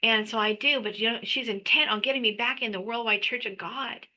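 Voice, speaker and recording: A woman guest telling her personal story in an emotional, animated way, full of restarts. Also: fairly high pitch, fairly quick, low-quality recording. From United States. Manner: animated, breathless retelling with restarts.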